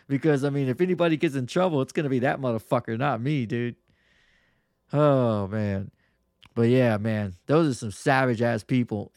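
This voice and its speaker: A male podcast host rambles through stories in a loose monologue. His speech is crude and full of profane slang, and his pitch sits in the middle. The sound is dry and close, with little room echo. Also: a little mellow.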